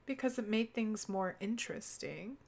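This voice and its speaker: A woman reading the lines of a cold, arrogant rich teenage boy from a game, calm and dismissive. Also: medium pitch, normal speed, vocal fry, noisy background, close to an everyday voice. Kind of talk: reading game dialogue aloud.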